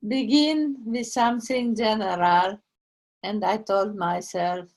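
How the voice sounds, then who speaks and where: Very slow, emphatic woman evaluator. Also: medium pitch, darkish tone. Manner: slow, emphatic, searching for words. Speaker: speech evaluator. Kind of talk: online club speech evaluation. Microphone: video call.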